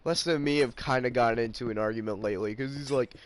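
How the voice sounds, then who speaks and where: A man's voice: medium pitch, quick pace, hardly any pauses. A young man giving casual gameplay commentary, rambling and ranting about a friend and mimicking him in mocking voices. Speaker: gaming channel host.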